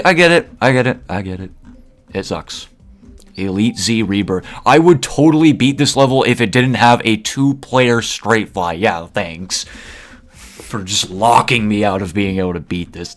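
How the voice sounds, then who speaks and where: Guy with a lowish voice doing casual gaming commentary, opinionated, rambly, says like a lot. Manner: opinionated, rambling, heavy use of "like". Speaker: gaming video creator.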